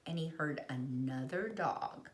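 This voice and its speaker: A woman reading a storybook aloud to children at home, slow and playful, making the sound effects herself. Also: low voice. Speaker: storybook reader and teacher. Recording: echoey room.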